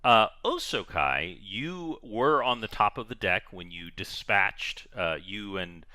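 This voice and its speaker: Man, game master, tabletop game narration, lively pitch, bright tone, dry close mic. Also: slow pace, no echo. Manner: animated, rambling narration with frequent fillers.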